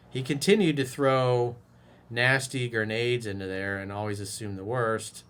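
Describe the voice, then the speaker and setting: This dating coach gives a casual monologue responding to a viewer's message, scolding them buddy-style with blunt, profane advice spoken straight to the listener. His voice is on the low side, clean and a bit bright.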